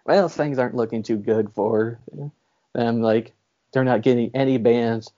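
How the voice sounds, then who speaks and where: A man's voice: mid-range voice, steady tone, measured pace, dark tone, muffled recording. A man hosting a podcast, recapping a film in a rambling way with many fillers. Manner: rambling, filler-heavy, laughs often. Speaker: podcast host. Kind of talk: casual recap of a movie.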